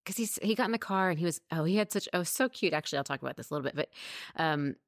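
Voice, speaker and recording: A woman's voice: low voice, lively intonation, rapid-fire, vocal fry, dry recording, studio quality. A woman in her thirties co-hosting a podcast, telling stories in a chatty way and laughing often. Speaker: podcast co-host. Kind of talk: casual chat.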